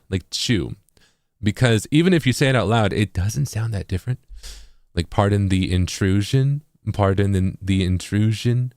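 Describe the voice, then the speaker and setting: A low-voiced man with an East Coast accent explains his process in a loose, casual way. He leans on fillers and says words aloud to show their sounds. The recording is close and dry. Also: dry recording. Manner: relaxed, filler-heavy, sounds words out as examples. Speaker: music producer and streamer.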